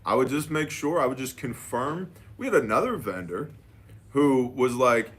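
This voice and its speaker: A man's voice: medium pitch, moderate pace, slightly rough. A man and business owner telling a casual story, acting out the dialogue with "I'm like" and "she's like.". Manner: animated, quotes dialogue with "I'm like".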